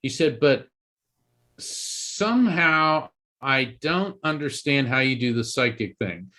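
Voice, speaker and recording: A man's voice: mid-range voice, lively intonation, slow pace, pushed and bright. A man from Florida, an author guest in an interview, telling a story earnestly and with animation, often restarting his sentences. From East Coast Florida, USA.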